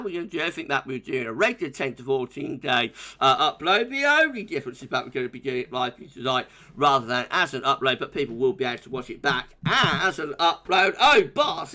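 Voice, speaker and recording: Bright, lively streamer. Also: male voice, fairly high pitch. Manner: chatty, reads viewer comments aloud, jokey. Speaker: weather forecaster and streamer. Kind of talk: live-streamed weather forecast chat.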